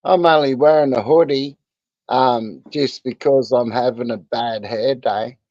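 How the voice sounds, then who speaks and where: A man's voice: medium pitch, a little slow, darkish tone, no room sound. An Australian man co-hosting a casual late-night livestream chat, laid-back, swearing and laughing often. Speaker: livestream co-host. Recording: muffled lo-fi stream audio.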